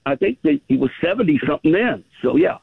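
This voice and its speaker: A man's voice: a little high, sing-song, fast talker, vocal fry, slightly rough, no room sound. A middle-aged man with a slight Southern accent, calling in to a radio show and telling a rambling, enthusiastic story. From California, US. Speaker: caller. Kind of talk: phone-in chat. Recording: tinny phone line.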